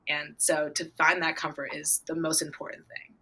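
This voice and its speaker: A teenage girl tells her stories in a bubbly, chatty way, acting out her own excited reactions as she goes. Her voice is bright, and it sits a little low. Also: normal speed, husky. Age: teens. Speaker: young equestrian guest. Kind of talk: casual interview answers.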